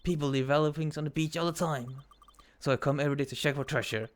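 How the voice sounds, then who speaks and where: A man's voice: a little high, steady tone, fast talker, pitched above the performer's own voice, close to an everyday voice. A man voicing an envious treasure hunter who complains about long hours digging. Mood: aggrieved.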